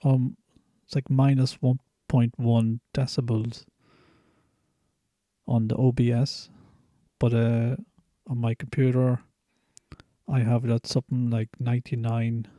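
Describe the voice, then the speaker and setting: Slow, dark-voiced man testing a mic. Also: mid-range voice, little pitch movement, no room sound, clean studio sound. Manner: rambling, unscripted, with fillers. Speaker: microphone tester. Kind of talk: casual mic test talk. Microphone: cheap dynamic USB microphone.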